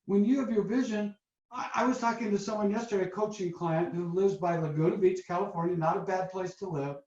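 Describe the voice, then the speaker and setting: A man hosting a motivational webinar as a coach, telling stories in a lively, upbeat way over a video call. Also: sits high. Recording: roomy, dull lo-fi webinar audio.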